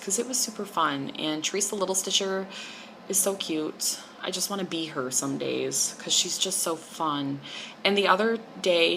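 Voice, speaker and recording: Young woman rambling about her crafts, low voice with some fry, bright edge, slight hiss behind. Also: rough recording. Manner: chatty, rambling, enthusiastic about stitching. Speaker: crafting vlogger. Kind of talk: casual chat.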